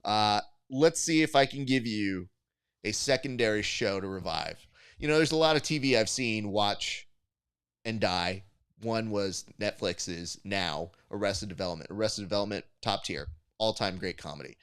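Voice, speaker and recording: A man hosting a casual podcast chat, animated and jokey, often slipping into mock voices for his stories. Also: fairly low pitch, measured pace, clear, resonant tone, no echo, clean studio sound. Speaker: podcast host.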